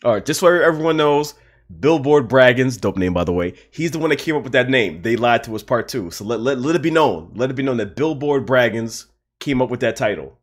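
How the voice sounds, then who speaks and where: A man's voice: mid-range voice, expressive, a little fast. A man hosting a livestream, ranting about a video game in a heated, repetitive way and swearing often. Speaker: livestream host. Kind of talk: casual livestream rant.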